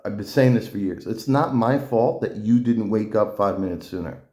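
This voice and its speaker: A man rants through an opinion monologue in a blunt, riled-up way and swears freely. His voice is dark and mellow, and the room around him echoes. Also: on the low side, normal speed. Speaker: vlogger.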